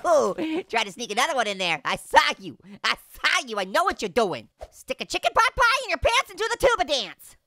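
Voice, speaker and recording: A man voicing a wisecracking male cartoon orange who plays a game, cracking puns and giggling nonstop in a squeaky, high voice. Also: sing-song, fairly quick, hardly any pauses, pushed and bright, no room sound, exaggerated voice. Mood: giddy, teasing. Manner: nonstop puns and cackling laughter. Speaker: gaming host. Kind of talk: gaming commentary.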